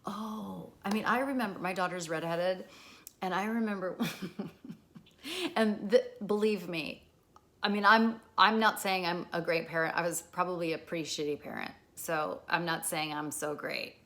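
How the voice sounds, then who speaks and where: A woman's voice: lowish voice, steady tone, normal speed, bright, forceful tone. A middle-aged woman talking casually as a therapist and podcast host, candid and swearing freely, often acting out the people she describes. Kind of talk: casual spoken talk.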